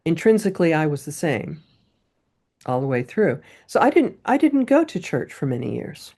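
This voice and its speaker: A woman's voice: low-pitched, sing-song, normal speed, warm tone. A woman poet, a guest in a casual interview, telling stories in a chatty way. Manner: chatty storytelling.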